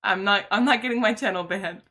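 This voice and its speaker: A woman's voice: mid-range voice, fairly quick, pushed and bright. A woman streamer telling a personal story in casual chat, talking loosely and filling her sentences with "like" and "you know". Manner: chatty, filler-heavy, uses "like" constantly.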